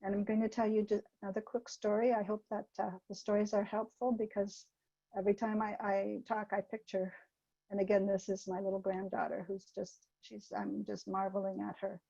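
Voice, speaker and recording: Mellow-voiced older woman giving a talk. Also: mid-range voice, little pitch movement, gravelly, no room sound, highs cut off. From Canada. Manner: gentle, anecdotal, with pauses and fillers. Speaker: presenter. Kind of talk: webinar presentation.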